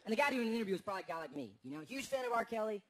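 A man doing stand-up comedy, animated and acting out the voices of his friends. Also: sits high, rapid-fire. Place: large theater with a live audience. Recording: live stage recording with a crowd. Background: audience laughter.

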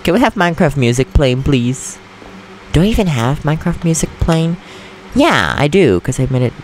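A man's voice: a little high, sing-song, moderate pace, slight background noise. Goofy young man playing a game. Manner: goofy, chatty, giggles often; jumpy, nervous about threats. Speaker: gaming channel host. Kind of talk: Let's Play commentary.

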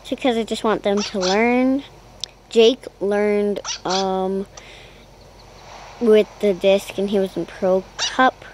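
A young girl casually commentating her pet game, rambling and chatty, cooing in a high voice at her puppy. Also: fairly even intonation, takes it slowly, a little mellow, slight background noise, low-quality recording. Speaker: gaming vlogger.

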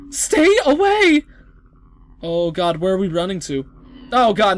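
A woman hosting a let's play, reading game dialogue aloud and reacting with excitable yelps, gasps, stammers and swearing. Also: mid-range voice, unhurried, long pauses.

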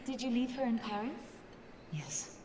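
A woman's voice: a little high, expressive, a little slow, a little mellow, a little hiss or hum. A woman voicing a friendly young expedition member, light and polite, heard in an echoey game scene.

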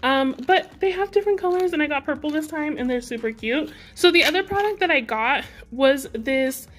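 Young female beauty vlogger, high voice, chatty and giggly, casual haul talk to camera. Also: expressive, normal speed, fairly bright tone. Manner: chatty, giggly, talks to viewers directly. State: out of breath. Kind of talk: casual product haul chat.

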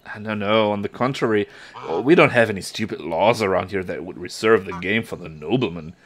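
A man's voice: fairly low pitch, fairly quick, close to an everyday voice. A man voicing a shrewd, fatherly village elder who talks persuasively.

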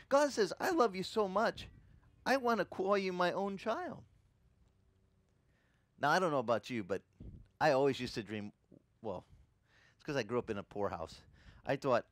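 A man's voice: mid-range voice, no room sound. A man preaching a sermon as a pastor, telling stories and asking his congregation questions. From Sicilian family. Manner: animated storytelling preacher, asks the congregation questions.

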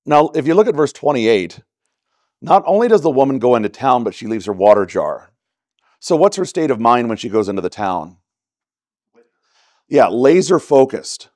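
A man's voice: medium pitch, big pitch swings, moderate pace, long pauses, a little mellow, dry recording. A man with a Texan accent teaching a church Bible study in a conversational way, often checking in with "right?". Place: church classroom.

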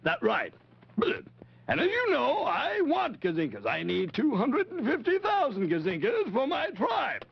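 A man's voice: very high voice, wildly swooping pitch, unhurried, gravelly, husky, full character voice. A man voicing a pompous, blustering male puppet chief on a 1950s children's TV show, bellowing his demands. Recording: dull lo-fi 1950s TV audio.

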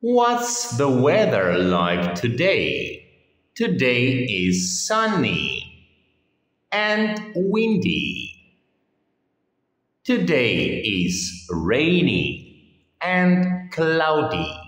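A man reading English phrases for a lesson, one at a time with pauses and frequent repeats. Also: mid-range voice, huge pitch swings, a bit bright. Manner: reads each phrase on its own with pauses, often repeating it. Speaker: English teacher. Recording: echoey room with long reverb.

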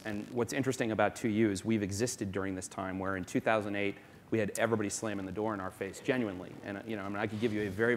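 Fast-talking panel guy from south florida, low-ish voice, big hall echo. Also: a little hiss or hum. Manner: emphatic, quick and assertive. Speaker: panelist, company executive. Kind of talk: conference panel discussion. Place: conference hall. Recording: long reverb of a conference hall.

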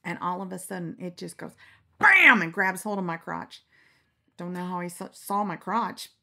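A middle-aged woman telling candid stories in a relaxed interview, frank and quick to laugh, acting out the lines she quotes. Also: lowish voice, gravelly. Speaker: storyteller guest. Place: lying down in a quiet room.

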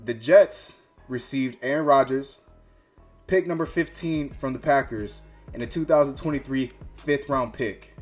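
A man's voice: mid-range voice, unhurried, faint music behind. A man hosting a sports fan vlog, talking in a fired-up, trash-talking, conversational way. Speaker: sports fan channel host.

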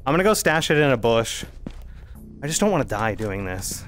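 A man streaming a game live, thinking out loud and talking straight to his chat as he plays. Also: medium pitch, big pitch swings, brisk, music in the background. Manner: chatty, thinking aloud while playing. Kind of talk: live gameplay commentary to chat.

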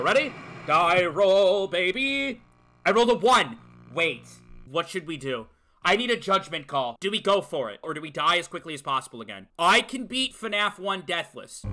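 Frantic high-voiced male gamer. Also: background noise. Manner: excitable, yelling and laughing, swears a lot. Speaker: streamer playing a video game. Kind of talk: frantic gaming commentary. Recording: game music playing clearly behind.

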